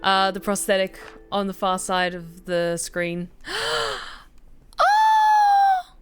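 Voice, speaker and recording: An Australian woman streaming a game, giving casual commentary in an excitable, chatty way and swearing freely. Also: lowish voice, measured pace, loud music behind the voice.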